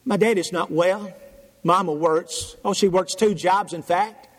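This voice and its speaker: A man's voice: high-pitched, steady tone, measured pace, slightly rough. A man doing a stammering poor little boy. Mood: pleading. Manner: stammering, pleading. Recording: long hall reverb.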